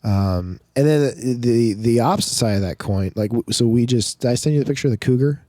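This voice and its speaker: A man's voice: medium pitch, a little fast, mellow, no room sound, clean studio sound. A man in his thirties on a podcast, telling a family story and acting out his kids' lines. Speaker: podcast co-host. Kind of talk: casual storytelling chat.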